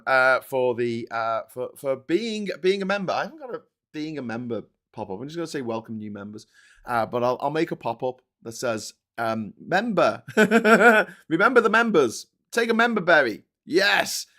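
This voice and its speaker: A man's voice: mid-range voice, bright, forceful tone. Man, middle-aged, from england, live-stream host, casual rambling chat, reads comments, swears, restarts lines.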